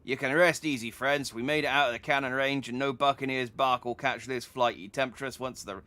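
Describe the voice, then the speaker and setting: A man voicing a gruff, loud sailor who barks coarse orders, reading game dialogue aloud. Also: mid-range voice, fairly even intonation, a little fast, lightly acted. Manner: barking, coarse.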